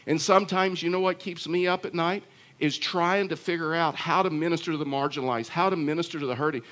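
A man's voice: on the high side, steady tone, brisk, a bit bright. A pastor preaching an earnest sermon, often repeating and restarting his phrases.

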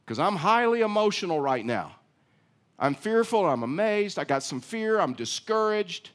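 Conversational preacher, man, slightly high voice. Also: sing-song, normal speed. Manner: conversational preaching, repeats words, asks the listeners questions. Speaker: pastor. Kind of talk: sermon.

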